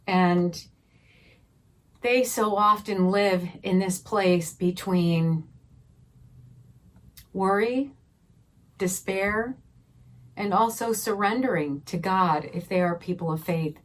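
A middle-aged woman pastor, teaching a Bible study gently and unhurriedly and leading softly spoken prayer. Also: lowish voice.

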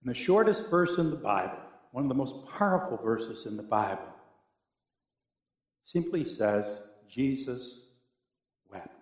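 A male pastor preaching a sermon with animated, humorous storytelling. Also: mid-range voice, brisk, hardly any pauses. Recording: echoey room.

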